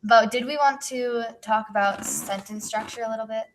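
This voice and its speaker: A teenage girl with a fairly high voice reads her own story aloud at a normal pace during a casual chat, with slight background noise. She's an author and co-host, giggling and tossing in joking asides as she goes.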